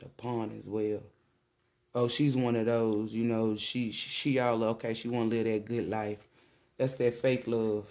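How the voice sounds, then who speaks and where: Woman tarot reader, casual monologue; profane, exclaiming, a little shaky with excitement. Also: a bass voice.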